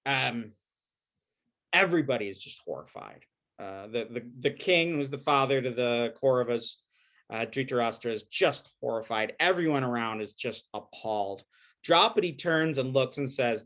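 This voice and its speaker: A man's voice: medium pitch, sing-song, measured pace, fairly bright tone. A man giving a recorded lecture, telling a story with animation and acting out the quoted lines.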